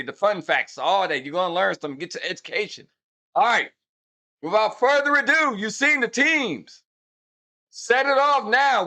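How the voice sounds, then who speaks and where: This man hosts a hip hop breakdown channel and has a high, pushed, bright voice. He speaks to his viewers casually and brashly, addressing them directly. To explain rhythm, he counts out beats aloud as part of his music breakdown commentary.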